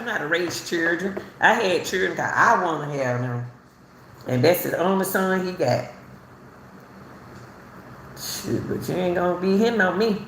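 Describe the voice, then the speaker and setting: A middle-aged woman from Chicago tells her own story in a casual, animated way, laughing often and repeating herself. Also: fairly low pitch, normal speed, creaky, slight background noise. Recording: roomy echo, faint ambience.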